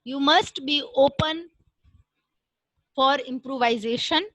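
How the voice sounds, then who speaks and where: High, bright woman lecturing. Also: dry recording, poor audio. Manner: measured, explanatory, with frequent fillers. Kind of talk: online class lecture.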